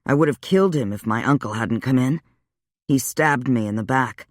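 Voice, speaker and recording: A man voicing a weary, wry male vampire, speaking low and subdued in a dry audiobook reading. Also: moderate pace, no room sound, natural voice. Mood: rueful.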